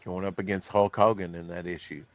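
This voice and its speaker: A man's voice: low-pitched, level tone, brisk. A man hosting a comics podcast, reading news in a rambling, casual way, with lots of fillers. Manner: rambling, filler-heavy, self-deprecating. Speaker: podcast host.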